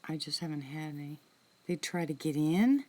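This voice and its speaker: Low, soft-spoken woman chatting outdoors. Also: lively intonation, normal speed. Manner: soft-spoken, drops into whispers, chatty and heartfelt. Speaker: live-stream host. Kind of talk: casual live-stream chat with viewers. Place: outdoors in the woods at night.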